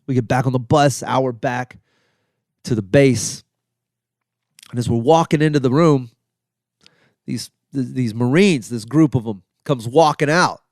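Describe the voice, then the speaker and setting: A man telling a long travel story as a comedian and podcast host, in a loose, animated way. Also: mid-range voice, unhurried, long pauses, no room sound, studio quality.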